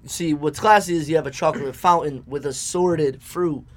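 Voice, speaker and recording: Young guy, slightly high pitch, loose animated banter with casual swearing. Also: normal speed. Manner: animated, swearing, retells scenes in quoted voices. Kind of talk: casual chat.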